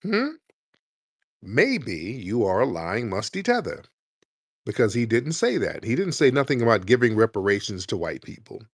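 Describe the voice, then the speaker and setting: A man's voice: mid-range voice, big pitch swings, moderate pace, slightly rough, no room sound, studio quality. A man hosting a heated call-in show, arguing and mocking a caller with repeated insults. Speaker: host.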